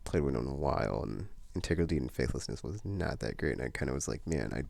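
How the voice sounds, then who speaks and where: A man talks through his plans in a loose, wandering way, piling up fillers and restarts. His voice sits extremely low with a gravelly edge, and the recording is dry. It sounds like easygoing monthly vlog chat. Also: lively intonation, fast talker, darkish tone, no echo. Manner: meandering, many fillers and restarts. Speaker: vlogger. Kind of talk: casual rambling chat.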